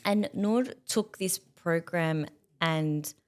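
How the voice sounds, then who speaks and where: A woman's voice: fairly low pitch, slow, clear, resonant tone. A woman hosting a conversational interview about her parenting program, affirming her guest and adding her own reflections. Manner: warm, affirming, lots of soft agreeing murmurs. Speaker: host and parenting program facilitator.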